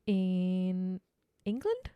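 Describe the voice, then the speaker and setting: A woman's voice: lowish voice, big pitch swings, drawn-out words, clear, resonant tone, no echo, highs cut off. A young woman co-hosting a true-crime podcast, chatty, laughing often and swearing casually. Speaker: podcast co-host.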